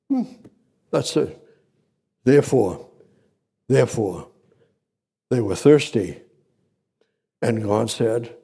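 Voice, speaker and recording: A man delivers a sermon with a gravelly, husky edge to his voice. His tone is mellow and dark, though he pitches a little higher than most men. He hammers his points home with repetition and sudden emphatic climbs. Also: measured pace, pauses often. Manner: repetitive, emphatic preaching with sudden loud high rises. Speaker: preacher.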